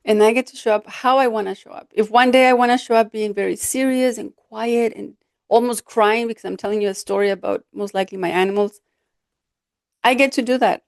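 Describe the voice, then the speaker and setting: A woman coach hosting her podcast, talking in an earnest, expressive way and acting out quoted remarks. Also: mid-range voice, dry recording, clean studio sound. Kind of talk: reflective solo podcast talk.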